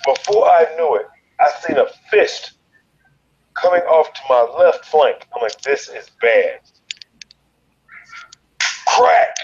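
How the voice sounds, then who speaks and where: A man from Chicago telling a wild story in an interview, profane and animated, leaping into loud quoted voices. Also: on the high side, unhurried, slightly rough, lo-fi sound. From Chicago, USA. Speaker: guest, fighter.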